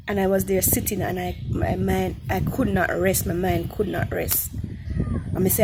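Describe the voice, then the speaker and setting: A woman's voice: on the low side, flat delivery, moderate pace, background noise. A woman giving an earnest spoken Christian testimony, repeating phrases for emphasis. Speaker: testimony speaker.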